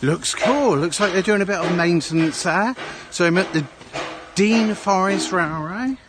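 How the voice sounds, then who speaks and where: A man's voice: sits high, unhurried, noisy background. A man talking casually as he walks through a small town outdoors, rambling and tacking "eh?" onto his remarks. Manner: rambling chatter with tag questions. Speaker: vlogger. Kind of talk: casual walking vlog.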